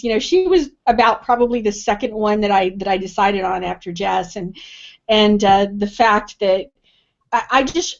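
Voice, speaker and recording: A woman author answering interview questions in a thoughtful, casual way, often restarting her sentences. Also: medium pitch. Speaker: author guest. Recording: dull lo-fi online stream audio.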